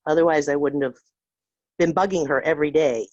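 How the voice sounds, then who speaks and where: A woman's voice: sits low, fairly even intonation, moderate pace, darkish tone, no echo. An older woman, a grandmother, calling in to a group call and speaking in a heartfelt, earnest way. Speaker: caller. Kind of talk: casual group call talk. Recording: dull lo-fi call audio.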